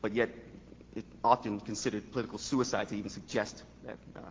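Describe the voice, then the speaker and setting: Guy in the audience asking a question fast, stumbles over words, lowish voice, roomy muffled sound. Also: little pitch movement. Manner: halting, with repeated words. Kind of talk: question from the floor. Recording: distant echoey hall, muffled, faint hiss.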